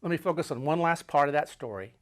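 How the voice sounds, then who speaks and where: A man with a slightly higher voice recounts a tense story from the road. He builds suspense by repeating phrases, then drops into quiet, breathy asides. His telling is dramatic and personal. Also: animated, fast talker. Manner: dramatic, swings between loud urgency and hushed low tones. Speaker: podcast host telling a travel story.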